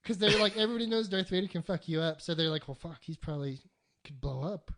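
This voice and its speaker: A casual podcast co-host who rambles and swears freely. Their mid-pitched voice stays conversational and slips into brief mock voices for the characters. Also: steady tone, quick pace, fairly bright tone.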